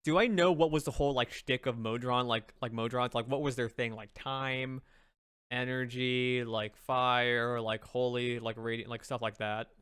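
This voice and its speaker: A man's voice: mid-range voice, steady tone, moderate pace, a bit bright, smooth, no echo, studio quality. A man playing in a tabletop game, rambling and stringing his questions together with lots of fillers. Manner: rambling, keeps saying "like". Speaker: player. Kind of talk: casual chat at the game table.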